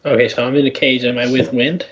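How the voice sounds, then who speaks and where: Guy playing a tabletop game, laid-back and cussing, mid pitch. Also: level tone, quick pace, fairly bright tone, highs cut off. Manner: casual, swears, asks questions. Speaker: player. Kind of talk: casual tabletop game play.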